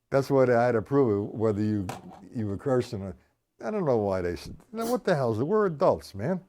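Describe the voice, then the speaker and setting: Chatty drum teacher with a lively voice. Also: male voice, medium pitch, normal speed, long pauses. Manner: chatty, explains step by step, counts beats aloud. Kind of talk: live-streamed drum lesson.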